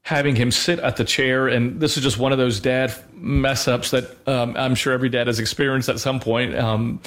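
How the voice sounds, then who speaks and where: Man, 30s, co-host of a faith talk show; earnest, halting, mid-range voice, lots of restarts. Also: mid-range voice, fairly even intonation, fairly bright tone. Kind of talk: faith talk with personal storytelling.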